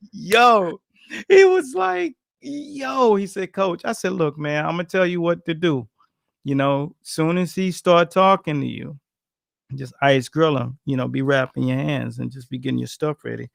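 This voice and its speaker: A man, a boxing coach, telling gym stories in a casual, animated chat full of slang and acted-out quotes. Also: on the high side, unhurried, gravelly, dry recording, clean studio sound. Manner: animated, slangy, acts out quotes with grunts and laughs.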